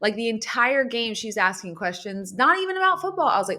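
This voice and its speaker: A woman in her thirties hosting a casual talk show, telling a story in an animated way, acting out quotes and laughing often. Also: fairly high pitch, a little fast. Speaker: podcast host.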